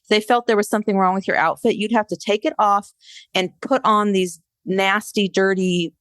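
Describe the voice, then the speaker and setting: A woman's voice: medium pitch, fairly even intonation, moderate pace, dry recording, clean studio sound. A middle-aged woman co-hosting a podcast, speaking in a frank, emphatic, exasperated way. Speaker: podcast co-host. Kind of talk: casual podcast chat.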